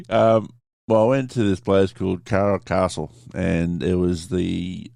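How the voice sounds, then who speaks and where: A man's voice: deep voice, fairly even intonation, takes it slowly, vocal fry, a little mellow, no room sound. An Australian man co-hosting a podcast in casual chat, laid-back, swearing freely and laughing often. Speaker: podcast co-host.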